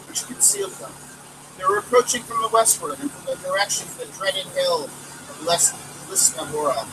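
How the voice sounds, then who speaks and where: A man reading a story aloud in a lively, expressive way, recorded outdoors from a distance with street traffic behind. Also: high-pitched. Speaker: volunteer reader. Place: outdoors near a city hall.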